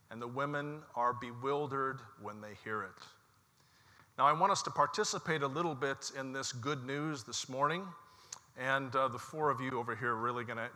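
A man preaching an Easter sermon as pastor, telling the story slowly and leading his congregation in call-and-response. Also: mid-range voice, bright, forceful tone, long reverb tail. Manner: slow, measured storytelling with call-and-response prompts. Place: church sanctuary.

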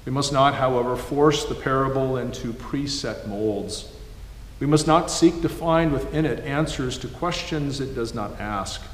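Man preaching in an echoey hall. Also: medium pitch. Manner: measured, storytelling. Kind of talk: sermon. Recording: echoey hall, faint background noise.

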